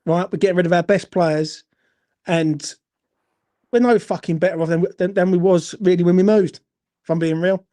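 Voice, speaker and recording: Angry high-voiced football fan. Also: male voice, mellow. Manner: angry, emotional, sweary, repetitive. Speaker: fan channel host. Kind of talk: impassioned fan rant.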